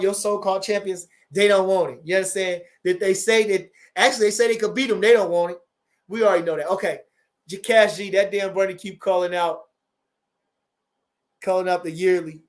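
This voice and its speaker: A man, hosting a casual livestream and reading viewer comments aloud, animated and profane and repeating his phrases. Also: sits high. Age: 40s. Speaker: boxing trainer and livestream host.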